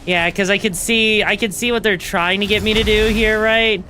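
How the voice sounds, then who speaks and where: A young woman streaming a video game, reacting excitedly, swearing freely and tossing in fillers and tag questions. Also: mid-range voice, moderate pace, a little hiss or hum. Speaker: VTuber streamer. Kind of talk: live gameplay commentary.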